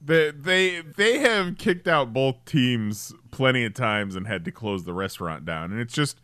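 A man's voice: medium pitch, animated, a little slow, fairly bright tone, smooth, dry recording, studio quality. A man co-hosting a podcast, explaining a cooking show in an easygoing way. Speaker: podcast co-host. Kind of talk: casual chat.

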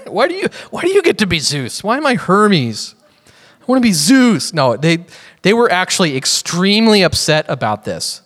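Male preacher, fairly high voice, casual joking sermon, reverberant hall. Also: a bit bright. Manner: casual, joking Bible teaching.

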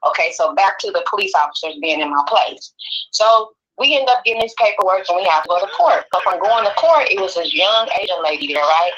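A woman in her forties calling in to tell a personal story, animated, restarting sentences and checking in with the listener. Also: lowish voice, brisk, slightly rough. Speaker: caller. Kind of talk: personal storytelling on a call-in show. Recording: muffled phone line.

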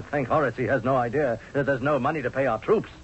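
An actor playing an exasperated, sardonic army general in a radio drama, speaking forcefully. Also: male voice, mid-range voice, brisk, slight background noise, close to an everyday voice. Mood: pleading. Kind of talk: 1970s radio drama acting. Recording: dull lo-fi old radio broadcast.

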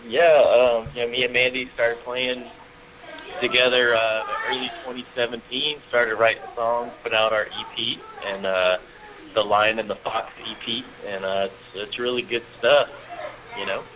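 A man who is a musician guest, talking about his band in a relaxed, rambling way with many fillers. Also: mid-range voice, moderate pace, low-quality recording. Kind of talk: casual interview chat. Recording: call audio with crowd noise behind.

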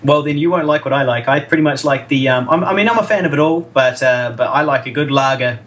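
A man with a New Zealand accent, chatting as a podcast guest in a halting, easygoing way. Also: medium pitch, a bit bright, muffled recording. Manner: hesitant, halting, laughs easily. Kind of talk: casual chat.

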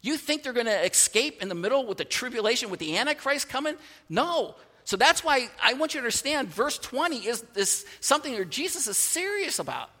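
A pastor giving a sermon, telling a personal story in an animated way and often restarting his phrases. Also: very high voice, brisk, in a large hall.

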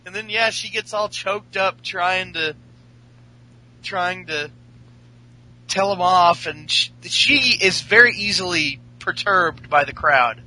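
A man's voice: sits high, slow, pushed and bright, rough recording. A man co-hosting a casual chat, talking with amused, laughing asides. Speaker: podcast co-host.

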